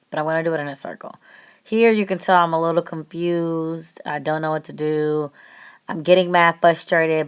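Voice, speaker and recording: Chatty woman narrating a makeup tutorial. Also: low-pitched. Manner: chatty, upbeat, laughs often, talks to viewers. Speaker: beauty vlogger. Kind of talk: casual makeup tutorial voice-over.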